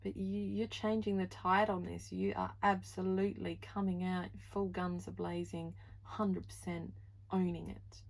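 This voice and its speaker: A woman's voice: lowish voice, level tone, a little slow, gravelly, low-quality recording. A woman giving a pick-a-card tarot reading, gushing and heartfelt, full of "like" and "you know", moved close to tears. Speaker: tarot reader.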